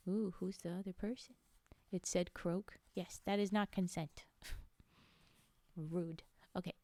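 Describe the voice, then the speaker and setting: A woman's voice: fairly low pitch, steady tone, slow pace, long pauses, warm tone, dry recording. A woman streamer reading a story aloud, breaking off for chatty, laughing asides to her chat.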